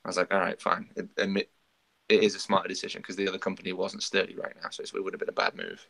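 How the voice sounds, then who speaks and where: A man's voice: deep voice, monotone, very fast, creaky, a bit bright. A man co-hosting a podcast, telling a story in casual chat and acting out the quoted dialogue. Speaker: podcast co-host.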